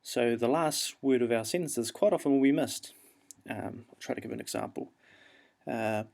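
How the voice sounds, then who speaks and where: A man with a New Zealand accent, an English teacher explaining how to perform an audio story in a relaxed, explanatory way. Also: medium pitch, moderate pace, gravelly. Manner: relaxed, explanatory, frequent ums and uhs. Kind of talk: classroom instructional talk.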